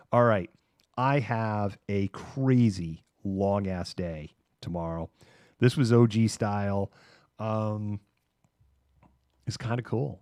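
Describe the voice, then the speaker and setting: Low-pitched and darkish in tone, a man hosting his own live show chats casually and rambles through a story, often laughing and voicing the people in it. The sound is clean studio audio with no room sound.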